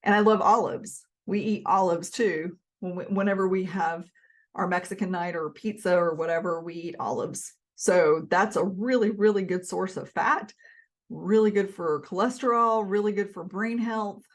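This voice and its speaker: A woman's voice: mid-range voice, fairly even intonation, normal speed. A middle-aged woman with a Southern accent, chatting to camera in an emphatic, repetitive way about food. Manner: chatty, emphatic, with restarts and repeats. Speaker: health vlogger. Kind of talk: casual talk to camera.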